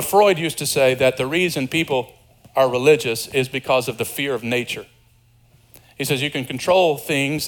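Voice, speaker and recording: A man preaching a sermon, animated and conversational, acting out the lines of people in the story with asides to the congregation. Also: mid-range voice. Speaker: pastor.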